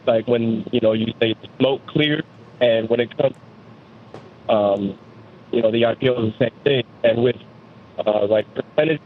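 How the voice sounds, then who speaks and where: A man's voice: medium pitch, moderate pace, long pauses, slight background noise. Male phone-in caller from Georgia; hesitant, polite, tinny phone sound. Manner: hesitant, polite, many fillers.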